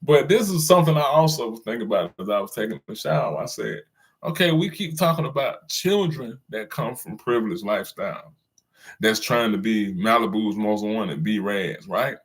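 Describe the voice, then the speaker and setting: A man's voice: lowish voice, lively intonation, moderate pace. A man hosting his own channel, delivering a loose, slangy commentary rant and chuckling at his own jokes.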